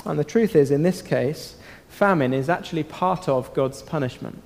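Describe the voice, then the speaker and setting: A man with a slightly high voice gives a lively Bible talk to children, putting questions to them and holding dramatic pauses. He is recorded in a church hall, and a long reverb trails after his words. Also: vocal fry.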